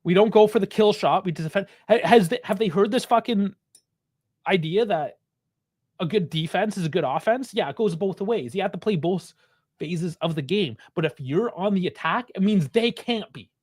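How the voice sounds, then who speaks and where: A man's voice: sits high, expressive, moderate pace, darkish tone. A man giving live fan reaction to a football match, angry and frustrated, swearing heavily as he rants about the coach's choices.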